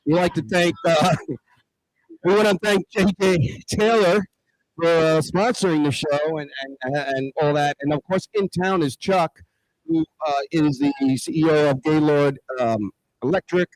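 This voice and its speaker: A man's voice: fairly high pitch, a little slow, dry recording, low-quality recording. A man hosting a casual talk show, enthusiastic and full of fillers as he reads sponsor thanks. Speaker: show host. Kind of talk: casual chat.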